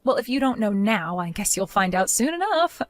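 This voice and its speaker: A woman voicing a defiant, mocking young daughter-in-law in an animated story, speaking in a sarcastic way. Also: mid-range voice, moderate pace, no room sound, clean studio sound, natural voice. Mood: cold. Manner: sarcastic, mocking, laughs often.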